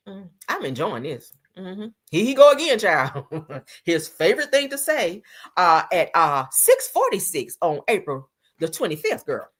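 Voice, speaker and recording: Sassy husky woman dishing reality TV gossip. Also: fairly low pitch, wildly swooping pitch, a little slow, fairly bright tone. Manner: sassy, blunt, profane, frequent laughter. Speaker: reality TV commentator. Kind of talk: casual commentary on a livestream.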